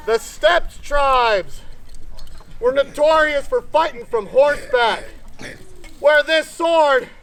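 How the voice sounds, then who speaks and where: High-voiced man lecturing slowly outdoors. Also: fairly bright tone. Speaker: combat demonstration presenter. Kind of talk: explaining weapons to an audience. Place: outdoors at a reenactment event.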